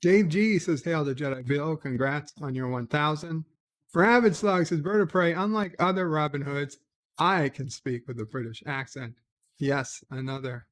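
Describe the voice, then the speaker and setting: A man with a mid-range, fairly bright voice talks slowly as he hosts a late-night live stream. He reads viewer chat aloud and answers it offhand, often hesitating with "uh."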